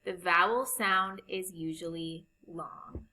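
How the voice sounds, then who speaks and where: A woman teaching a recorded phonics lesson, explaining spelling rules slowly and patiently. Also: on the low side, sharp tone, poor audio. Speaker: reading teacher.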